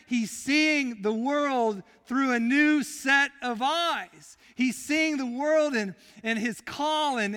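A very high, bright-toned man preaches slowly and deliberately. He tells his story with emphasis, dropping to near-whispers and then rising again, and his voice rings through a long church reverb. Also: clear, resonant tone. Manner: emphatic storytelling, swinging from loud to very quiet. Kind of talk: sermon. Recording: long reverb of a large hall.

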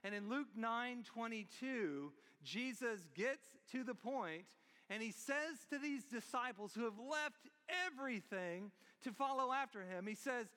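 Male pastor, high voice, storytelling sermon, church hall reverb. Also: animated, unhurried, pushed and bright. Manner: storytelling, joking asides. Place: church sanctuary.

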